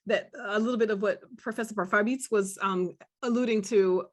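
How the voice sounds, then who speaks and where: A woman speaking on a panel over a video call, in a medium-pitched voice. She talks thoughtfully, pausing on fillers and restarting her sentences as she works out her ideas. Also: steady tone. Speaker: panelist and scholar. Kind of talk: panel discussion.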